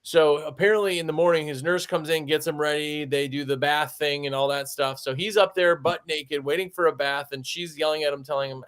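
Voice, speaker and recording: A man's voice: on the high side, steady tone, a little fast, hardly any pauses, a bit bright. A man who runs a window cleaning business, chatting casually on a podcast and telling stories with lots of "like". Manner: chatty storyteller, heavy use of "like".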